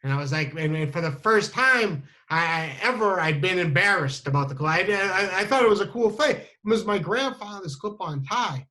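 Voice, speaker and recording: A man tells a comic personal story, mocking himself as he goes. His voice sits a little high and sounds bright and forceful. He stumbles, restarts and fills gaps with "um" and "you know". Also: expressive, rough recording. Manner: halting, with many restarts and fillers; self-mocking.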